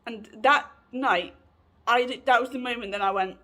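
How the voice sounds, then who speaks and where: Her voice is fairly high and sharp, moving at a moderate pace. A vlogger in her late twenties, she tells a personal story to camera indoors at home in a chatty, rambling style, often correcting herself.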